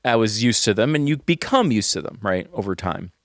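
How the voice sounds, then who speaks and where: A podcast co-host whose speech wanders and restarts as he reaches for his point. His pitch moves around a lot, and the recording is dry and close with no room sound. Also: lively intonation, a little fast, dry recording. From Northeastern US. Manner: rambling, self-interrupting, laughs often. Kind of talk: casual podcast chat.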